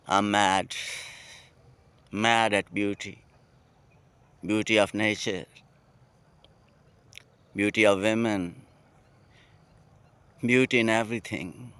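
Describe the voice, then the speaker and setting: A man with a Pakistani English accent speaking a heartfelt, poetic monologue outdoors at night, slowly and with pauses. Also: fairly low pitch, steady tone, a bit bright, clear, resonant tone, dry recording. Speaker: vlogger.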